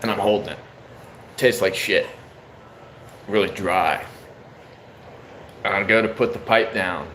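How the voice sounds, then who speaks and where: A man's voice: fairly low pitch, slow, pauses often, a bit bright, slight background noise. A young man casually telling a story, loose and profane, saying bro often.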